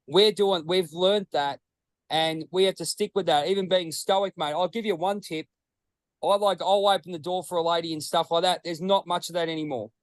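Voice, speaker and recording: An Australian man hosting a casual chat, rambling and excitable, swearing freely. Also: fairly high pitch, no echo, low-quality recording. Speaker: host.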